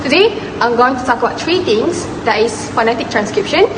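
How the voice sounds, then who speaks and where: A woman's voice: on the high side, lively intonation, a little fast. A young woman student introducing herself and reading a prepared phonetics presentation, with small slips. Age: young adult. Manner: reads a prepared script with slips. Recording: echoey room with long reverb and noise.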